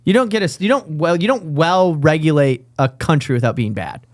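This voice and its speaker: A man chatting casually on a podcast, quick to jump in with jokes and bits. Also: a little high. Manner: fast, lively, jumping in with bits.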